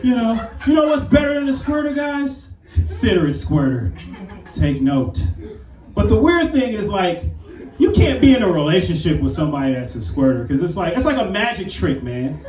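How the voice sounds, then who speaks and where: Brash stand-up comic, high lively voice. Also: male voice, normal speed. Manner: animated, brash, conversational, frequent "man". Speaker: stand-up comedian. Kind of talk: stand-up comedy set. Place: comedy club stage. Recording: roomy club sound from a distance. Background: audience laughter.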